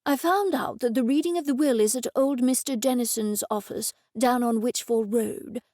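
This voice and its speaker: A woman's voice: fairly high pitch, normal speed, mellow, no room sound, clean studio sound, close to an everyday voice. A woman reading the lines of a cheerful, scheming older man in an audiobook, in an upbeat, matter-of-fact way.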